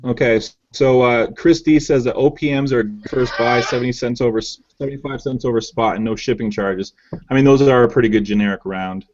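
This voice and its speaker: A man hosting a casual online hangout, reading through viewer comments in a relaxed, chatty way with plenty of fillers. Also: mid-range voice, a little fast, a little hiss or hum. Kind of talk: casual live hangout chat. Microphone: video call. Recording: dull lo-fi web call audio.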